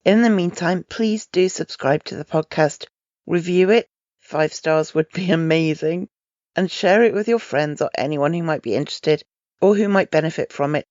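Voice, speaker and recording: A woman hosting a solo advice podcast, talking in a gentle, encouraging, unhurried way. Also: low-pitched, no room sound, muffled recording. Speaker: podcast host.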